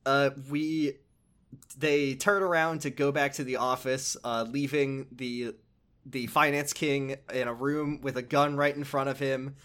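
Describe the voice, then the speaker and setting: A man's voice: medium pitch, steady tone, a little slow, fairly bright tone. A man hosting a podcast, recapping a video game in a rambling, hesitant, swearing way.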